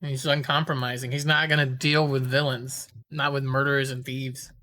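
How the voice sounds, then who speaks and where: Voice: mid-range voice, moderate pace. A podcast co-host chatting casually and enthusiastically about a comic series, with some swearing. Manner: enthusiastic, profane, relaxed.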